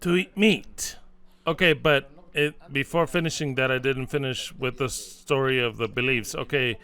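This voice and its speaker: His voice is medium-pitched and smooth, delivered at a moderate pace. He's giving a sermon, emphatic and repetitive, with lively storytelling as he acts out small stories.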